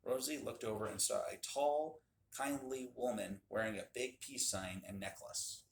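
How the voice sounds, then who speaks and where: A man reading a children's story aloud in a steady, expressive way, in an echoey room. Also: mid-range voice, a little slow, vocal fry. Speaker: club member reading aloud. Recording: echoey room with faint hum.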